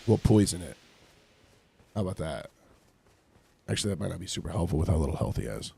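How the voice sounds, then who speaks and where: A man's voice: low voice, big pitch swings, a little fast, creaky, dark tone, breathy edge. A man hosting a morning livestream, reading scripture aloud and paraphrasing it with sarcasm while reacting to his game and thanking chat. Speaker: livestream host leading Bible study.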